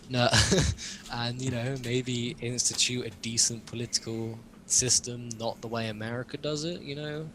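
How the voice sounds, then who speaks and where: A man's voice: medium pitch, little pitch movement, normal speed, few pauses, fairly bright tone, a little hiss or hum. Rambling, jokey young man. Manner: rambling, jokey, laughs often. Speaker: podcast host. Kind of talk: casual chat.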